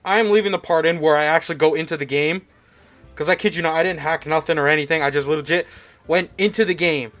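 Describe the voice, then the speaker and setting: A young man giving casual, rambling let's-play commentary, speaking softly because it is late at night. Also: a little high, quick pace, highs cut off, soft background music. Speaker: gaming YouTuber.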